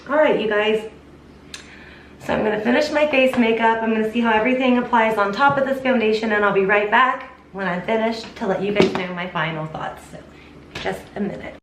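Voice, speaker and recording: Young woman, beauty vlogger, enthusiastic, casual makeup review, slightly high voice, echoey room. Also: a little fast, far from the mic. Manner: chatty, enthusiastic, addresses viewers as "you guys". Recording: echoey room, voice a little off-mic, faint hiss.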